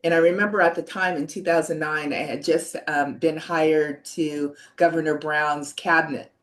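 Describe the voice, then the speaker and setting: An older woman in her sixties speaks from a video call, with a voice that sits a little on the low side. She tells her story in an earnest, halting way, circling back with "you know" and small restarts. Her delivery feels reflective and personal. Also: steady tone. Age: 60s. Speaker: panelist sharing a personal story.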